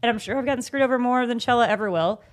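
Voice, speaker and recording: A woman's voice: a little high, racing. A woman co-hosting a casual podcast, talking emphatically and ranting about her views.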